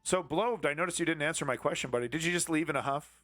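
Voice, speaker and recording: Bright-voiced sarcastic male livestream host. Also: on the high side, fast, soft background music. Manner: rambling, sarcastic, taunts chat viewers, swears. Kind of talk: casual live commentary reacting to clips.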